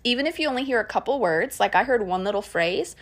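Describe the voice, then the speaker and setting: A woman's voice: on the high side, expressive, fast. A woman, a mother, teaching in a casual, earnest and encouraging way, with a conversational flow and frequent fillers. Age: adult parent. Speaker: Christian podcast teacher.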